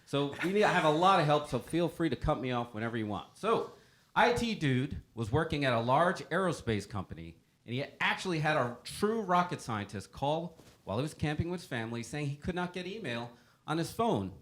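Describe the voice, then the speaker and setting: A man's voice: on the high side, big pitch swings, a little fast. A man hosting a webcast segment, reading out help desk stories in an upbeat, playful way and laughing often. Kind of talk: casual storytelling to a panel.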